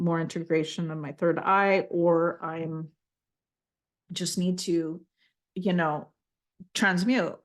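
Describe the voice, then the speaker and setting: Woman healer guiding a session, gentle and reassuring, slightly low voice. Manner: gentle, reassuring, often checks in with "okay?"; calls listener "honey". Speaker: spiritual energy healer. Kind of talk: guided healing session.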